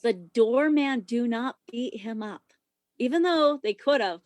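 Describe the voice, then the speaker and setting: High-voiced woman telling a wild story. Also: a little slow, no echo. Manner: animated, profane, loud when quoting herself. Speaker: podcast guest, former stripper. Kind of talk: casual storytelling.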